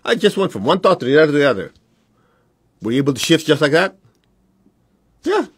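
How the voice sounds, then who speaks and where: A man's voice: a little high, big pitch swings, quick pace, husky, no room sound, clean studio sound. A man teaching his followers in a blunt, direct way, with short laughs between points. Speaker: spiritual teacher.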